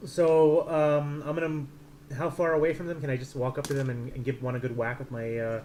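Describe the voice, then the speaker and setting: A man's voice: mid-range voice, little pitch movement, fairly quick, darkish tone, slight background noise. A man playing a tabletop game, chatty and joking with the game master. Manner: chatty, jokey. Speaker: player.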